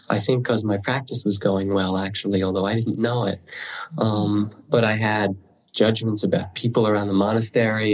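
A man giving a dharma talk as a meditation teacher, telling stories unhurriedly with pauses and the odd throat clearing. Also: medium pitch, a little mellow, low-quality recording.

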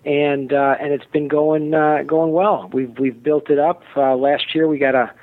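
A man with a Chicago accent, a festival producer being interviewed, speaking haltingly with many fillers and restarts. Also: on the high side, fairly even intonation, no room sound. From Chicago, USA. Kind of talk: phone-in interview. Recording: tinny phone line.

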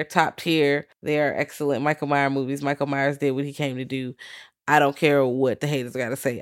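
Low-voiced emphatic woman co-host. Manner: emphatic and defiant. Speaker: podcast co-host. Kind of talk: casual movie chat.

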